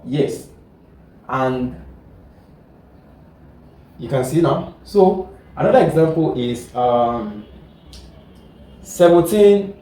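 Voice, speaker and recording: A man teaching logic in a mellow, mid-pitched voice, stopping again and again to check that his students follow. He is recorded in an echoey room from some distance away, with faint ambient noise behind him. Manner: repetitive, keeps checking understanding. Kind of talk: classroom lesson explaining logic.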